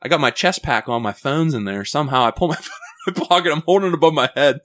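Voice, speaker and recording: A man's voice: on the high side, quick pace. A man telling a rambling, profane story on a casual podcast, laughing as he goes and filling his talk with "like" and "right?". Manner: animated, full of fillers like "like" and "right?".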